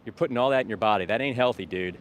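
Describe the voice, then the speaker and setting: A blunt middle-aged man with a low voice rants to his livestream viewers from a street, swearing freely. He calls out loudly and brightly to people passing by. Faint traffic noise hums behind him outdoors. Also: rapid-fire. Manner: calls out to passersby in a loud upbeat voice. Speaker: vegan street activist livestreaming. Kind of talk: casual livestream talk to viewers.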